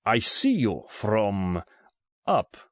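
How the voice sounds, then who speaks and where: A man voicing a tall Russian gunman in an audiobook, with a thick Russian accent, speaking slow broken English in short clipped commands. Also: lowish voice, very animated, dry recording, full character voice. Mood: mocking. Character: tall sniggering Russian gunman, good-humoured menace. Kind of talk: audiobook character voice.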